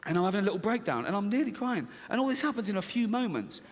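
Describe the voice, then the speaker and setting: Animated man in a reverberant hall. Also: high-pitched, rapid-fire. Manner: animated, acts out inner voices, laughs at own jokes. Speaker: stand-up comedian. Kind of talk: stand-up storytelling. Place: large stand-up venue. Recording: reverberant stage recording.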